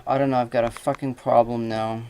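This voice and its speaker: Man, gravelly voice, exasperated gameplay commentary, frequent cursing, faint background noise, keyboard clicks. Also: mid-range voice, level tone, brisk. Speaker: gamer.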